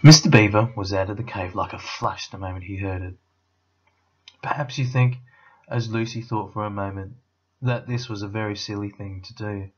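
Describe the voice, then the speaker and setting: A man, a teacher, reading a children's novel aloud with expressive storytelling. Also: lowish voice, normal speed, lo-fi sound.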